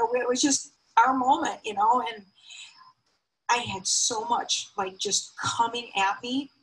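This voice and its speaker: A woman in her fifties telling a personal story on stage, emotional and heartfelt, her voice often jumping high. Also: fairly bright tone, rough recording. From United States. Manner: emotional, heartfelt, with sudden high pitch lifts.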